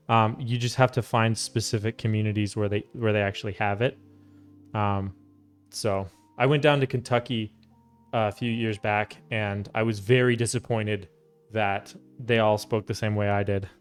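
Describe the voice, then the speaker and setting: A man's voice: fairly low pitch, smooth. Chatty American man streaming a build. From United States. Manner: relaxed, chatty, reads and answers chat. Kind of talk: casual livestream chat while building a keyboard.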